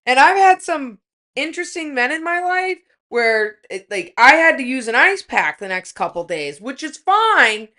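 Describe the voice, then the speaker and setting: A woman's voice: sits high, sing-song, moderate pace, pushed and bright. Blunt, profane middle-aged woman. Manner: blunt, profane, laughing storyteller. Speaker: podcast guest. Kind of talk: casual chat.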